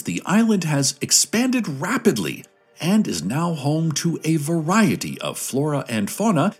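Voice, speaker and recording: A man delivering scripted radio news narration in a calm, deadpan manner. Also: a little high, breathy edge.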